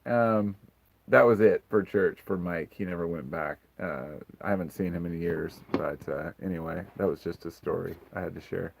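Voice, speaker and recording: A man's voice: low-pitched, moderate pace, gravelly, slight background noise, low-quality recording. A man hosting a casual livestream Q&A, talking frankly and rambling, swearing freely. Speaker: livestream host.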